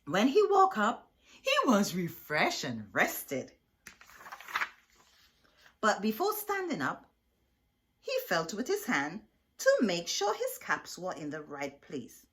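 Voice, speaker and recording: Animated woman reading a children's book. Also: medium pitch, takes it slowly, pauses often. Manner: animated, drawn out, with questions to young listeners. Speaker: children's storyteller.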